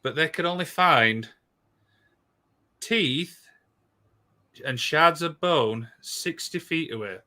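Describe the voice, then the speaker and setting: A man co-hosts a relaxed podcast, telling an eerie missing-person story. His voice is bright and lively, and he rushes along, restarting phrases and leaning on "obviously.". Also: on the high side. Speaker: podcast co-host. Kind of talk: casual storytelling chat.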